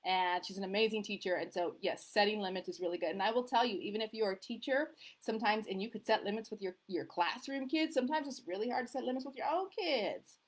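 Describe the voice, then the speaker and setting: A middle-aged woman talks to her viewers in a casual, animated way, as a family mediator giving advice. Her voice sits a bit high, and she often acts out what parents say. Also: fast, few pauses. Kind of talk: live video talk to viewers.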